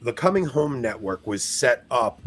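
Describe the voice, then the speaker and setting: A man's voice: mid-range voice, big pitch swings, normal speed, background noise. A young man co-hosting a podcast in casual chat, rambling and self-mocking with frequent laughs. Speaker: podcast co-host.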